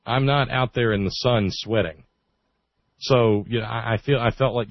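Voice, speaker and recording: A man's voice: mid-range voice, steady tone, normal speed, creaky, dry recording, dull audio. A man hosting a talk radio show, speaking earnestly with stumbling restarts and self-corrections. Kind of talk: talk radio monologue and call-in. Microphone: studio microphone.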